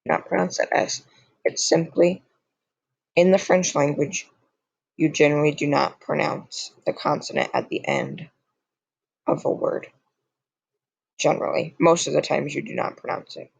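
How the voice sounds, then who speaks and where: A young man walks through a beginner lesson from slides, slow and patient, repeating each phrase for drill. His voice sits a little high and is heavy with gravel. The sound is dry and close, with no room around it. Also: level tone, dry recording. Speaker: language teacher. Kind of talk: slide-based lesson narration.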